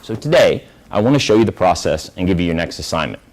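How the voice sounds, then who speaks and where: Man, teacher, classroom lesson, animated pitch, quizzing students. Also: fast, poor audio. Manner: lively, asks the class questions. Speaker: high school English teacher.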